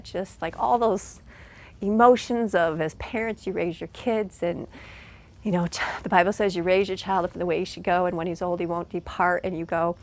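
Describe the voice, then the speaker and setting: A middle-aged woman talking in a casual vlog, earnest and emotional, rambling with many restarts and heartfelt thanks. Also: medium pitch. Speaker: vlogger and mother.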